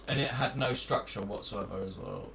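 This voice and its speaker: A man's voice: on the low side, moderate pace, creaky, recorded from a distance, a little hiss or hum. A man hosting a casual podcast, rambling and laughing often between crude jokes. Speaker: podcast host. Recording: loud music behind voice.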